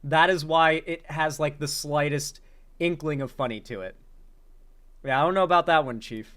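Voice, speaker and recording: A man's voice: a little high, moderate pace, fairly bright tone. A man reacting to comedy clips as a commentary host, talking bluntly and profanely with frequent incredulous outbursts.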